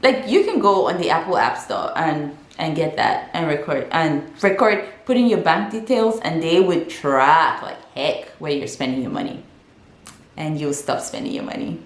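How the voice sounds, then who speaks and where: A woman's voice: low-pitched, lively intonation, moderate pace, echoey room. A young woman from Africa giving frank, chatty advice in a casual vlog, with many fillers and restarts. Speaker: vlogger.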